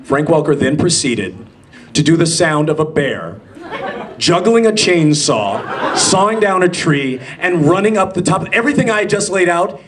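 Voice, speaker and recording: A man's voice: a little high, big pitch swings, moderate pace. A male voice actor telling a story on a convention panel, rambling and laughing, with lots of fillers. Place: convention panel room with audience. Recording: crowd noise in a panel hall.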